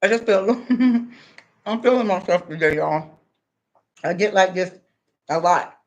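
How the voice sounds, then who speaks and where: A man's voice: high voice, slow, muffled recording. A tired man talking loosely to viewers on a livestream from his home, eating as he talks. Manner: chatty, loose, eats while talking. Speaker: livestream host. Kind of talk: casual livestream talk. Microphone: computer.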